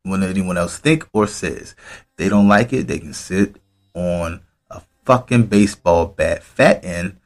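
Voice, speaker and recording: A man hosting a podcast, reacting in slow, halting, profane commentary with sighs. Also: deep voice, expressive. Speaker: podcast host.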